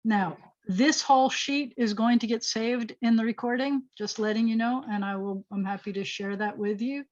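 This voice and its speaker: A woman's voice: a little high, normal speed. A woman rabbi teaching a Hebrew lesson over a video call, thinking aloud as she writes and correcting herself with chatty asides. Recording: slightly dull video call audio.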